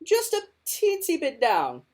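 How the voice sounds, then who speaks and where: A woman's voice: high voice, wildly swooping pitch, takes it slowly, a little mellow, pitched above the performer's own voice, full character voice. Brief: woman playing patient storybook parents, sweet and lilting. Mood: pleading. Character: calm, coaxing parents of a loud child.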